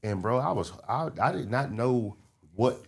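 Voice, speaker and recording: A man from the Baltimore and DC area, a comedian guest telling his story in a casual podcast chat, animated and slipping into quick city impressions. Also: medium pitch, creaky, slightly rough.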